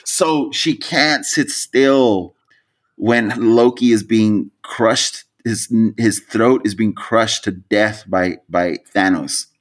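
A male podcast co-host tells a story in loose, unscripted chat. He is animated and swears freely. His voice jumps into high, laughing peaks as he gets into it. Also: slow pace.

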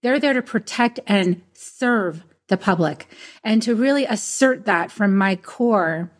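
A woman's voice: mid-range voice, expressive, unhurried. A woman in her fifties hosting a podcast conversation, talking in an earnest, emphatic way. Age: 50s. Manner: earnest and emphatic, speaking up for herself. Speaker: podcast host. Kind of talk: casual conversation.

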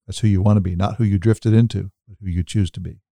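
In reflective podcast talk, a male co-host speaks thoughtfully in a coaching manner and shares stories from his own life. His voice is low, gravelly and mellow, fast with fairly even intonation, and there is no echo.

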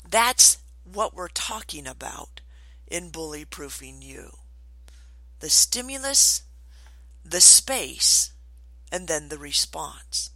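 A woman giving a motivational self-help talk, expressive and emphatic, often dropping to a whisper. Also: on the high side, measured pace, no room sound, rough recording. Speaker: motivational speaker.

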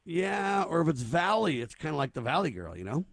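Gravelly-voiced male talk show host. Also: on the high side, big pitch swings, fairly quick. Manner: joking, rambling, quizzes his co-hosts. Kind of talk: casual radio talk show chat.

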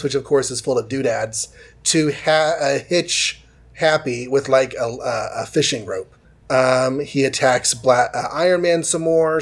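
Podcast host, male, higher voice, loose and chatty comic recap with quick character voices. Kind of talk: casual comic book recap.

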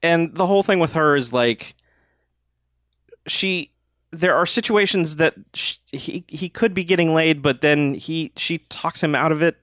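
A man's voice: fairly high pitch, unhurried, fairly bright tone, no room sound, studio quality. A man chatting casually about a movie, blunt and sarcastic, laughing often and swearing freely. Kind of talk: casual movie review chat.

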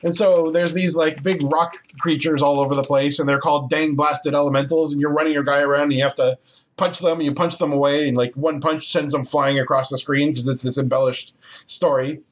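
A man's voice: fairly high pitch, fairly quick. Chatty man telling a game story. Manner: animated storytelling with laughs and fillers. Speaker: podcast co-host. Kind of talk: casual chat about video games.

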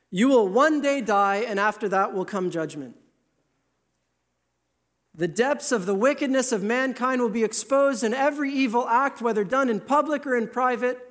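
A man preaching a sermon in an earnest, emphatic way, slowing down to stress key words. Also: very high voice, a bit bright.

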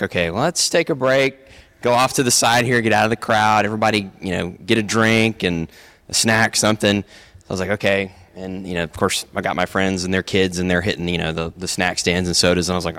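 A man's voice: sits low, fast. A man attending a convention, telling a story casually and acting out the quotes. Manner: animated, acts out quotes.

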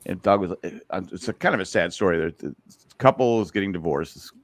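A man co-hosting a podcast, telling stories in a gruff, profane, casual way. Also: deep voice, lively intonation, a little fast, dry recording. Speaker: podcast co-host. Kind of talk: casual chat.

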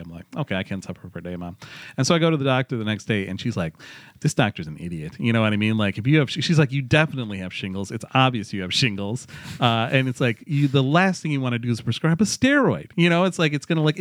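A man's voice: medium pitch, dry recording. Guy rambling thru a story, lots of likes, laughs at himself, dry close sound. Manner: rambling, filler-heavy, self-mocking. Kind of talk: casual storytelling chat.

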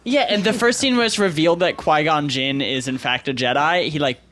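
A man in casual podcast chat who rambles through his points with loose fillers. He laughs easily and sounds relaxed about it. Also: a little high, a little fast, a little hiss or hum.

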